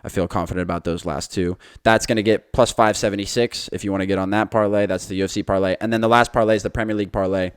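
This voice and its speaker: A man's voice: on the low side, fairly even intonation, fast talker, few pauses, smooth, dry recording, studio quality. A man hosting a podcast, giving his betting picks in a confident, chatty monologue to listeners. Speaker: podcast host.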